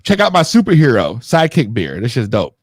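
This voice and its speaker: A man's voice: medium pitch, huge pitch swings, a little fast, husky. A young man from Connecticut telling a story in a casual, profane, heated way, slangy and rambling. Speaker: podcast regular telling a story.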